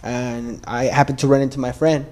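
A man's voice: mid-range voice, flat delivery, moderate pace, darkish tone. A young man casually sharing his church testimony in an earnest, rambling way, full of "like" and "bro".

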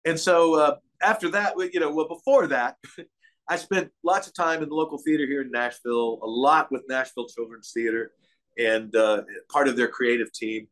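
A man's voice: mid-range voice, normal speed, a bit bright. An older man from Kentucky, a guest actor, chatting in an interview and telling meandering stories. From Kentucky, USA. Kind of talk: casual interview chat.

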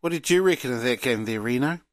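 Chatty New sports show host. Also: male voice, medium pitch, fast, noisy background. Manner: relaxed, chatty, uses Māori greetings.

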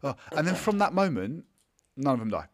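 A man's voice: on the high side, sing-song, brisk. A man in a casual film chat, blunt and sarcastic, swearing freely.

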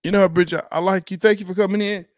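A man co-hosting a casual sports podcast, animated and teasing, laughing often. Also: high-pitched, racing, dry recording, studio quality. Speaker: podcast co-host.

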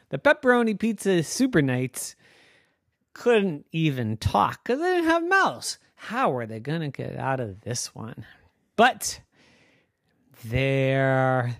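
A parent spinning a bedtime story off the cuff, playful and unhurried. The voice swoops up and down a lot, recorded dry and close. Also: medium pitch, dry recording.

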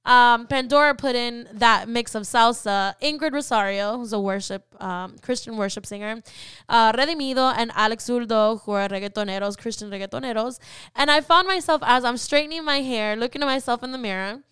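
A woman's voice: on the high side, brisk, fairly bright tone, clean tone, no echo, clean studio sound. A young woman hosting a podcast, telling a personal story in a heartfelt way that turns emotional at times. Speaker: podcast host.

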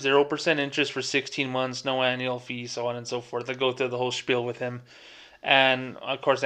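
With a clean tone and medium pitch, this man, a podcast co-host who used to work at a bank, casually retells a story. He animates it by performing the quoted dialogue of the others involved.

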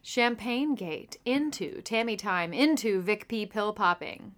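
A woman reading segment titles in a brisk, deadpan way. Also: medium pitch. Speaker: segment announcer.

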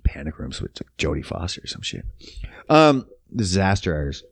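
Man, casual rant, swearing, sarcastic, rambling, lively pitch, dry close sound. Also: normal speed, creaky, no echo.

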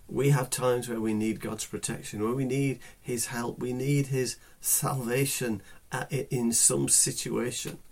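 A man giving a devotional talk on a psalm as a pastor, earnest and unhurried, sometimes repeating words for emphasis. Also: medium pitch, husky. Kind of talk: devotional sermon.

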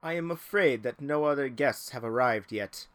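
A man's voice: mid-range voice, normal speed, a bit bright, lightly acted. A man voicing a young male host greeting guests with formal, faintly menacing courtesy. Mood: courteous. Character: smooth young male host of a grand house.

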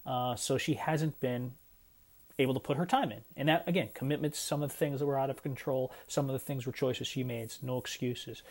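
A middle-aged man talking in a casual vlog, emotional and choked up, halting with many fillers. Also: mid-range voice, creaky, a little mellow. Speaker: parent vlogger.

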